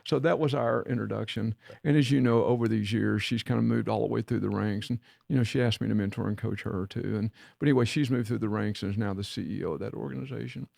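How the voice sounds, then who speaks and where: Gravelly man telling stories. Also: fairly low pitch, steady tone, fast, hardly any pauses, a little mellow, dry recording, clean studio sound. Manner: folksy storyteller acting out quoted dialogue. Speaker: podcast co-host and leadership mentor. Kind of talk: casual storytelling chat.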